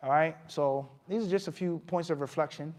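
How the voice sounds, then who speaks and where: Animated man giving a mosque talk. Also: fairly high pitch, brisk. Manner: animated, asks the audience questions, acts out scolding. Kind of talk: mosque lecture.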